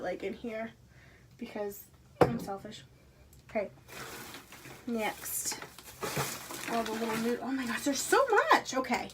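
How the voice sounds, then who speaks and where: At home in a carpeted room, a woman unboxes items while chatting casually in a fairly high voice at a moderate pace. She gushes excitedly and keeps drifting into soft, breathy whispers, and a faint hiss runs beneath the recording.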